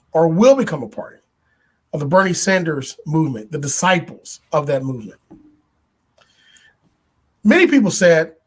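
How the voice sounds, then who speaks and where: A man hosting a podcast, giving a political commentary monologue in a deliberate way, building points with repetition and rhetorical questions. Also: fairly high pitch, a bit bright. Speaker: podcast host.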